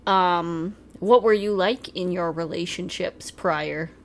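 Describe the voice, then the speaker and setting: A woman's voice: fairly low pitch, takes it slowly, gravelly. A woman co-hosting a casual podcast with her partner, teasing him and laughing often. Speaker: podcast co-host. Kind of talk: casual couple chat.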